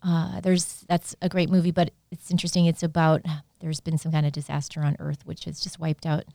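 Woman from Iowa, chatty interview guest, lowish voice, dry close sound. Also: a little fast, no echo. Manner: chatty and animated, laughs easily, spells words out. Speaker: guest musician. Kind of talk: casual interview chat.

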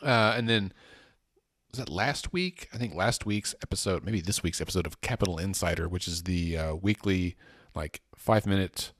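A man's voice: low voice, normal speed, a bit bright, dry recording. A man co-hosting a podcast, chatting casually about policy news with rambling asides and jokes. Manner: rambling, self-correcting, joking. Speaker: podcast co-host.

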